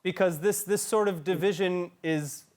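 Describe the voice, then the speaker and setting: A male news host moderating a debate, his voice a touch higher than usual for a man. He speaks in a measured way, pushing in politely to steer the discussion. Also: a little mellow. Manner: trying to cut in, measured.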